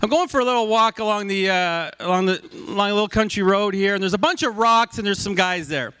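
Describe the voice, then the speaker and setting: A man's voice: sits high, fast talker, sharp tone. A middle-aged man, a football coach, giving a humorous induction speech full of anecdotes. He speaks into a corded microphone at an awards banquet. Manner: jokey storyteller, acts out dialogue. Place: banquet hall at an awards ceremony. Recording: echoey hall, voice from a distance.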